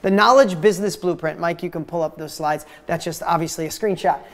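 Female host, lowish voice, brisk and upbeat course walkthrough. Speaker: host of the training. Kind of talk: presenting a course overview.

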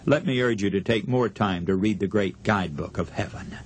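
A man preaching a radio sermon in an earnest, impassioned way, slowing down for dramatic pauses. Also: lowish voice, slightly rough.

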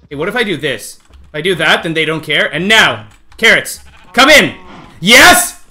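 A man streaming a game live, talking excitedly to his chat and coaxing the animals along, often shouting and laughing. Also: on the high side, moderate pace. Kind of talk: excited live gameplay commentary.

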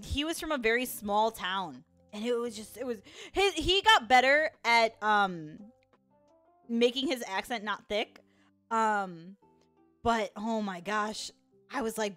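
A young woman with a Chicago accent chats loosely with her stream audience, breaking into laughter and reacting to messages as they come. Her voice sits a touch high, and the sound is close and dry. Soft music plays faintly behind her. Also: slow, clear, resonant tone, no echo. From Chicago, USA. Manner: chatty, laughs often, reacts to chat. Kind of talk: casual live-stream chat.

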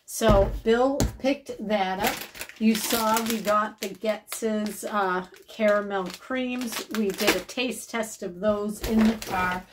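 A woman's voice: medium pitch, slight background noise, low-quality recording. A woman vlogger chatting casually while showing off a shopping haul. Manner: chatty, slow and deliberate when showing items.

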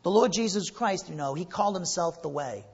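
A husky, slightly high-voiced man delivers an earnest sermon, building to emphatic peaks and rhetorical questions. His voice rings out with a long trailing reverb through what sounds like a church sanctuary. The recording is somewhat muffled. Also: animated, fairly quick, darkish tone. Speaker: pastor.

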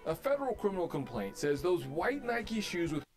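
A man reporting a local news story in a measured, formal reading. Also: high voice, big pitch swings, darkish tone, faint music behind.

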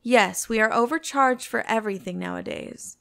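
A woman voicing a witty, languid aristocratic gentleman with a cynical, epigrammatic manner in an audiobook. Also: on the high side, normal speed, gravelly.

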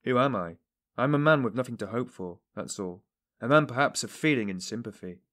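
A man's voice: medium pitch, animated, fairly quick, a bit bright, natural voice. A man voicing an earnest middle-aged police investigator who pleads fervently with a suspect in an audiobook.

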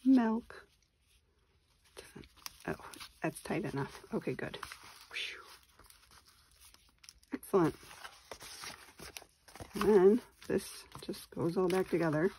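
Speaking slowly with frequent pauses, a woman in her forties from Wisconsin hosts a casual papercraft tutorial, chatting away and mumbling to herself while crafting. Her voice is on the low side with a warm tone, and there's slight background noise.

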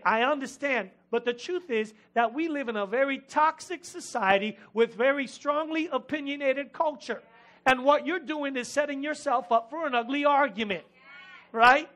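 Male pastor, middle-aged, very high bright voice, lively joking sermon delivery in church. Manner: lively, joking preacher with quick asides.

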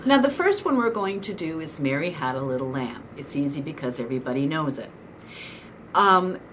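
A woman voice coach giving animated, encouraging instructional tips. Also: lowish voice, slight background noise.

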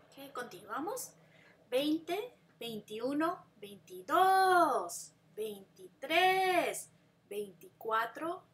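Female language teacher, patient and deliberate, bright higher voice. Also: slight background noise. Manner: slow deliberate counting, patient explaining. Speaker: Spanish teacher. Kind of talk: language lesson.

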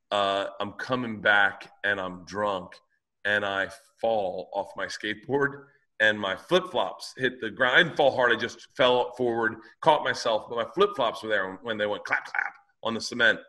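A man in his forties co-hosting a podcast, telling animated stories with plenty of swearing. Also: on the low side, normal speed. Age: 40s. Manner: animated, profane storyteller. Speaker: podcast co-host. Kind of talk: casual storytelling chat.

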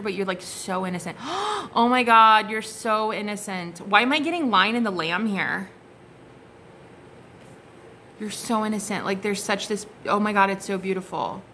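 Gushing, bright-voiced woman tarot reader. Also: medium pitch, a little hiss or hum. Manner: gushing, exclamatory, swears casually, sings snatches of songs. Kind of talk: casual tarot reading to camera.

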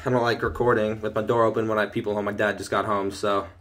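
Bright-voiced young man calling his game plays. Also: on the low side, quick pace, a little hiss or hum. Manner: excitable, shouts and laughs at big plays. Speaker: gaming video host. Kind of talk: casual gameplay commentary. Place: bedroom at home.

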